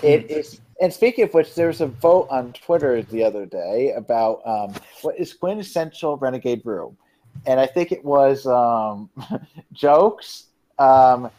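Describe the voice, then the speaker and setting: A man co-hosting a casual live-stream podcast, jokey and excitable. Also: mid-range voice, unhurried. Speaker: podcast co-host.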